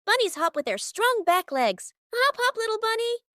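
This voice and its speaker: Woman, children's host, very high voice, sing-song narration for toddlers. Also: sing-song, normal speed, fairly bright tone, no room sound, clean studio sound.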